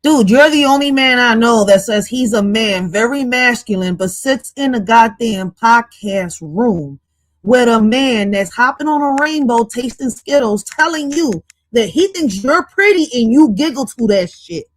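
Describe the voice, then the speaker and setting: A woman's voice: on the high side, animated, a little slow. A woman giving casual reaction commentary on a stream, blunt, scolding and profane.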